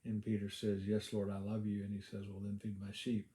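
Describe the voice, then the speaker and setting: Male pastor, low and warm, easy conversational Bible teaching full of "uh"s, roomy echo. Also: monotone, brisk. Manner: conversational, with frequent "uh" fillers and restarts. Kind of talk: casual devotional Bible teaching.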